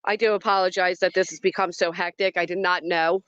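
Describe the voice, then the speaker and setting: A woman's voice: lowish voice, steady tone, fairly quick, a bit bright, dull audio. Dramatic woman livestreaming outdoors. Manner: dramatic, talks to chat. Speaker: livestream host. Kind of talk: casual livestream commentary. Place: outdoors in a yard by trees.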